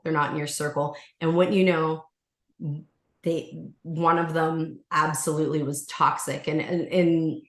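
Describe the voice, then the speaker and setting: Animated woman telling a story, low voice. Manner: animated, acts out voices, many fillers. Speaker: yoga teacher and podcast guest. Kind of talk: casual storytelling in a podcast interview. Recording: roomy room echo.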